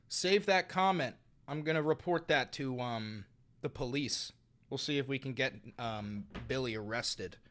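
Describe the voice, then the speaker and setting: A man ranting at his live-stream chat, exasperated and swearing freely. His voice swings widely in pitch, from low grumbles to sharp yelps. He talks in a casual live-reaction style.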